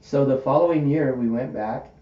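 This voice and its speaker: At normal speed and in a mid-range voice, a man shares a personal story on his podcast, animated and voicing the quoted lines himself in a casual way. The audio is distant and roomy, dull, with a faint hiss.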